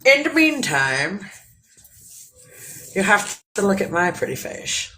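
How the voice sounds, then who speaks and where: A woman hosting a casual live stream, joking crudely, greeting viewers and talking in a playful, drawn-out way. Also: mid-range voice, sing-song, sharp tone, slight background noise. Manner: bawdy, joking, often laughing. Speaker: livestream host.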